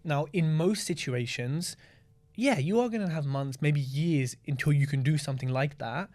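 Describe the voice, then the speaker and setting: A man talks in a casual interview with a voice pitched a bit high. He is blunt and candid, swears without hesitation, and acts out the scenes he describes in lively asides. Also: moderate pace. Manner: animated storytelling with acted-out asides. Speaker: podcast guest, property investor.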